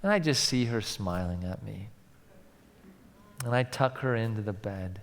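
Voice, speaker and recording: A male pastor preaching a sermon, telling stories and swinging from loud to hushed. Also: on the low side, unhurried, pauses often. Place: large church. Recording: long church hall reverb.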